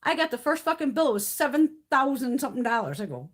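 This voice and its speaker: High, lively-voiced profane woman ranting. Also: fast. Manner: heated, profane storytelling, acting out her own replies. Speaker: beauty livestream host. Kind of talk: casual livestream chit-chat.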